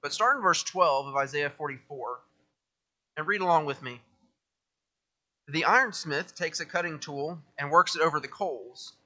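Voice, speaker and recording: A young man with a fairly high voice preaches a sermon at normal speed, leaving long pauses. He reads scripture aloud with emphasis, then shifts into lively, conversational talk.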